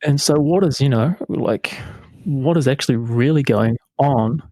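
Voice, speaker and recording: A man hosting a casual chat, musing slowly and reflectively, sometimes groping for the right word. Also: medium pitch, dark tone, no room sound. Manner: reflective, searching for words. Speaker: host.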